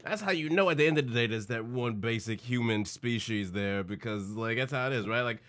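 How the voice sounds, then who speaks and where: A man's voice: mid-range voice, fairly quick, fairly bright tone. A man co-hosting a podcast, riffing in playful, slangy casual chat.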